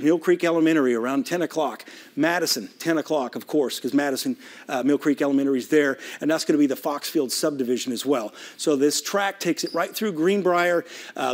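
A man giving live severe weather coverage as a TV meteorologist, talking urgently while working the radar from a weather studio. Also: a little high.

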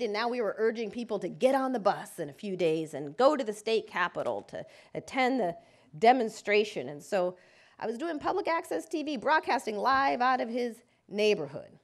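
A woman lawyer giving a lecture, telling a personal story vividly and dramatically. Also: medium pitch. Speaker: civil rights lawyer and speaker.

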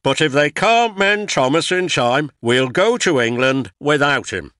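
A man's voice: fairly high pitch, lively intonation, a little slow, a bit bright, dry recording, pitched above the performer's own voice. A man voicing a stern, pompous male railway boss who gives orders in a storybook train tale. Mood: commanding. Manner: pompous, commanding.

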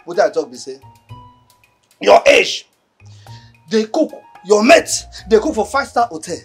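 A cheeky young Nigerian houseboy, husky voice, swooping pitch, mocking tone. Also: male voice, very animated, a little slow, soft background music, exaggerated voice. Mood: teasing. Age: young adult. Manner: mocking, teasing, sing-song. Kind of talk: film acting.

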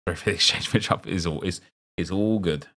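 A young man streaming a football game, chatting with viewers and reacting loudly to what he opens. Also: low-pitched, fairly quick. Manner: chatty, reads chat aloud, gets loud and excited at good pulls. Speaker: gaming streamer. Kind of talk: live stream commentary opening game packs.

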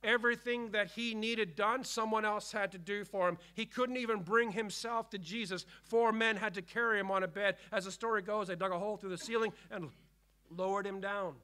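A man preaching a sermon as pastor, emphatic and repetitive, dropping to hushed tones and rising again. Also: sits high, steady tone, a little fast, clear, resonant tone. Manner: emphatic preaching, swinging between hushed and loud; repeats key phrases for emphasis. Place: church.

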